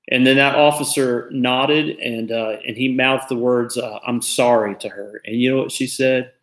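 A man's voice: mid-range voice, fairly even intonation, moderate pace, few pauses, fairly bright tone, reverberant. A man in his forties hosting a talk show, speaking earnestly and reflectively in casual commentary. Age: 40s.

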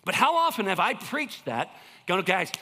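High, bright-voiced preaching man. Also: huge pitch swings, moderate pace, in a large hall. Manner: conversational, jokey preaching, swinging between loud bursts and quiet asides. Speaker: pastor. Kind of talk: sermon.

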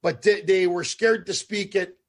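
A man from Canada hosting a casual chat, rambling and animated, often trailing off and restarting. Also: sits high, a little slow, slightly rough. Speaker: podcast host.

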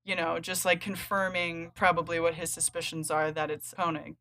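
A woman's voice: lowish voice, flat delivery, moderate pace, sharp tone, a little hiss or hum. A woman co-hosting a casual podcast about comics, rambling with lots of "like" and laughing often. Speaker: podcast co-host.

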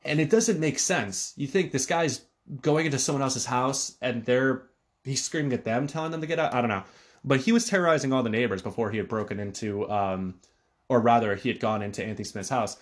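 A man's voice: medium pitch, fairly quick. A man hosting a solo podcast, talking casually in a rambling way with frequent fillers and restarts. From Connecticut, USA. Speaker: podcast host.

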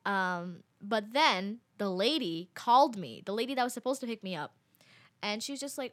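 Chatty young woman with a bright voice. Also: mid-range voice, moderate pace. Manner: chatty, filler-heavy, animated quoting. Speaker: storyteller. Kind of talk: casual storytelling.

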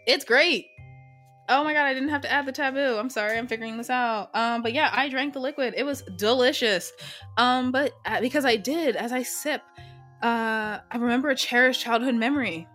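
A woman's voice: on the high side, fairly quick, a bit bright, faint music behind. A woman playing a solo tabletop role-playing game, narrating and chatting in a casual, profane, self-interrupting way.

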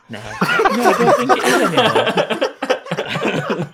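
A man's voice: very high voice, huge pitch swings, slow, very noisy. Sweary laughing male podcast quiz host. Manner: sweary, laughs often while reading questions.

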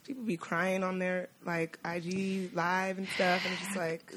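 A woman's voice: fairly low pitch, steady tone, measured pace, a bit bright, slight background noise. Blunt, wry woman co-host. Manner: blunt and wry, trailing off with fillers. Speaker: podcast co-host. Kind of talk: casual chat.

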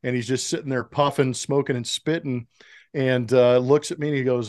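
A man's voice: mid-range voice, normal speed, no echo, studio quality. A middle-aged man telling stories as an interview guest, acting out the voices in the dialogue he recounts. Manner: animated storyteller who acts out quoted dialogue. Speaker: interview guest, former pro baseball player. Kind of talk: storytelling in a podcast interview.

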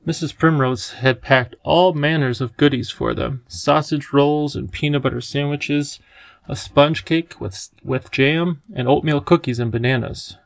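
A man reading an audiobook chapter as narrator, in steady, measured storytelling. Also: fairly high pitch, vocal fry, dry recording, low-quality recording. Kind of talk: scripted narration.

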